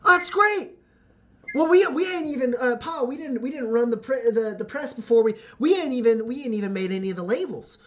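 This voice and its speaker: A man voicing an eager young frontier son who stumbles over his words in a rapid, excited drawl. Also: very high voice, muffled recording, slight background noise, pitched above the performer's own voice.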